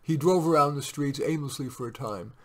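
A man reading a classic short story aloud in a steady, measured narration. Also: a little high. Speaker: reader.

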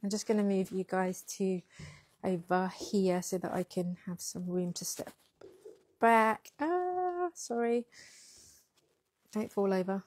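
A woman's voice: mid-range voice, takes it slowly, long pauses, a little mellow, no room sound. A woman hosting a casual livestream, chatting with viewers and reading their comments. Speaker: yarn shop owner hosting a packing livestream. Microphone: pinned lapel mic.

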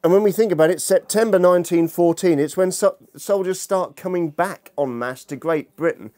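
A man's voice: high voice, normal speed, warm tone. A man lecturing as a historian to an audience, humorous and chatty, bantering with the room. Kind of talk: lecture with jokey asides.

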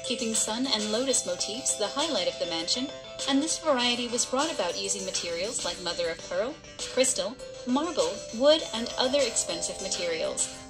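Female countdown narrator, scripted and teasing, over a loud music bed. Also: fairly high pitch, lively intonation, moderate pace, rough recording. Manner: teasing, rhetorical. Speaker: video narrator.

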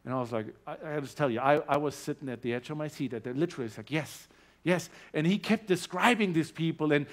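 A man's voice: a little high, fast talker. Earnest German man telling his story. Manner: earnest storytelling, growing animated and loud at peaks. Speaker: guest speaker sharing his testimony. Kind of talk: personal testimony in a church service.

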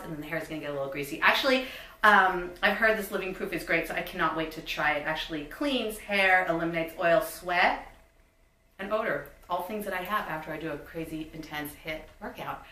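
Woman, 50s, bubbly beauty vlogger, bright voice, recorded a little far from the mic. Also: on the low side, brisk, echoey room, a little hiss or hum. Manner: bubbly, chatty, reads product labels aloud. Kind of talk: casual unboxing chat.

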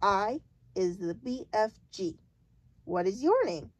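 A woman voicing a big, muddled but kindly male giant who mangles his grammar, reading slowly in a dry, close recording. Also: sing-song, dry recording. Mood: protesting. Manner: jumbled grammar, booming and emphatic.

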